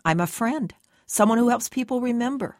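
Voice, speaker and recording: A woman voicing a steady, patient man who poses as a store guard and tries to persuade a girl to come with him. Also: on the high side, moderate pace, dry recording, studio quality, voice pushed up, lightly acted. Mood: urgent. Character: calm mysterious man posing as a store guard.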